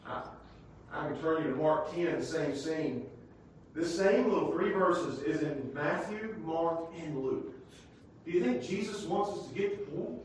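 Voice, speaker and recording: A male pastor preaching a sermon, emphatic, rising to shouts and dropping to quiet teaching. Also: a little high, animated, measured pace, slight background noise. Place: church sanctuary. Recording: echoey church hall from far off.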